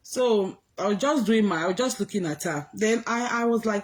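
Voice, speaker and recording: A woman's voice: mid-range voice, normal speed, few pauses. A woman chatting casually on a livestream, mocking someone and greeting viewers by name. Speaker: livestream host. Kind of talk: casual gossip commentary.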